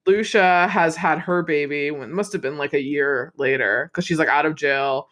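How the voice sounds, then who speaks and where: A woman's voice: sits low, normal speed, fairly bright tone. A woman co-hosting a casual podcast recap. She rambles loosely, fills her talk with fillers and swears freely. She laughs easily as she retells a film scene by scene. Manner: rambling, profane, many fillers, laughs often. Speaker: podcast co-host.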